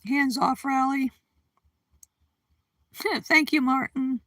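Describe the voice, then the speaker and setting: Woman streamer, high and sharp-toned, giggly and a little sleepy, casual chat to viewers. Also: fairly even intonation, very slow, no echo. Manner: chatty and giggly, greeting viewers by name; drowsy, yawning. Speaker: livestream host.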